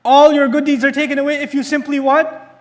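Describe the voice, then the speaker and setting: A man's voice: very high voice, completely flat delivery, a little fast. A man giving a sermon-style lecture as an Islamic teacher, telling a story with animation and putting rhetorical questions to his audience.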